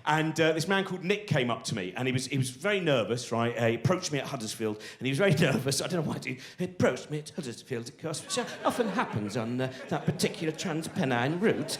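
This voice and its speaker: A middle-aged comedian telling stand-up stories, excitable and acting out the voices of people in them. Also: male voice, a little high, fast talker, few pauses. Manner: animated, excitable, acts out voices of people in his anecdotes. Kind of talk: stand-up storytelling.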